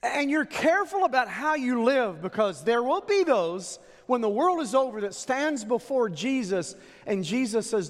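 A man preaching a sermon as pastor, dramatic, swinging from loud declarations to hushed asides. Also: very high voice, very animated, normal speed, hardly any pauses, in a large hall.

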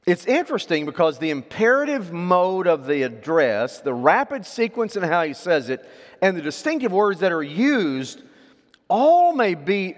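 A pastor preaches a sermon in a fairly high voice, swinging from loud, emphatic scripture readings to quiet asides and questions for the congregation. A long hall reverb surrounds the recording.

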